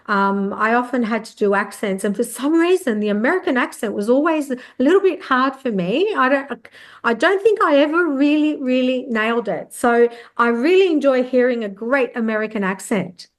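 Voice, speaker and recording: A woman, hosting a podcast interview, effusive and quick to affirm her guest. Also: on the high side, expressive. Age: 50s. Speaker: podcast host. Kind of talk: interview conversation.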